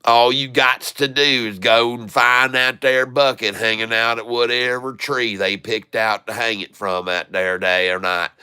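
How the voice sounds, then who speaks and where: A folksy backwoods Southerner spins a tall tale in a thick Deep South drawl, as a man hams it up. The voice rings bright and clean with no room around it. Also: little pitch movement, a little slow, hardly any pauses, clear, resonant tone, no echo, clean studio sound.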